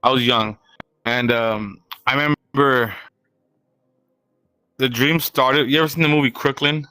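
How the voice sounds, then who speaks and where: A man's voice: mid-range voice, fairly even intonation, a little slow, sharp tone, clear, resonant tone, dry recording, rough recording. A man co-hosting a podcast, telling a long, detailed, rambling story in casual chat. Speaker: podcast co-host.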